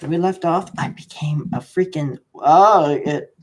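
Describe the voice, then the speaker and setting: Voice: medium pitch, a little slow, a little mellow. A young gamer rambling in casual gameplay commentary, talking to himself and the audience, recorded close on a microphone.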